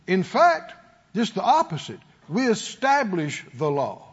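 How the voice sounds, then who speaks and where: A man preaching a sermon to a congregation in a call-and-response style, sometimes rising to shouts. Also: sits high, huge pitch swings, unhurried, breathy edge, lo-fi sound. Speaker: pastor.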